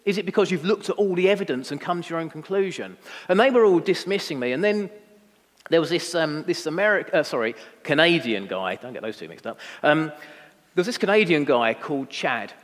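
The young preacher's voice here runs on the high side, expressive and a little fast. He keeps up a chatty, self-deprecating storytelling sermon packed with fillers, and the church hall adds a long reverb.

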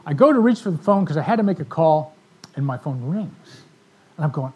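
A man telling stories in a sermon to a live audience, animated, acting out the voices of the people in his stories. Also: fairly high pitch, brisk, slightly rough. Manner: animated storyteller, acts out quoted voices. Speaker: ministry speaker. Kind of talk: storytelling sermon talk.

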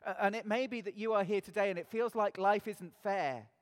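A man's voice: high-pitched, brisk, hardly any pauses, long reverb tail. A man preaching a sermon in an earnest way, asking his listeners many rhetorical questions.

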